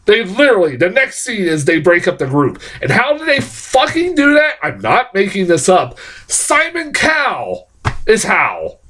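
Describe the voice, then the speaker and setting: A man's voice: sits high, huge pitch swings, a little slow, pushed and bright. A man reviewing a film in a casual, profane, exasperated rant. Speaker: movie reviewer.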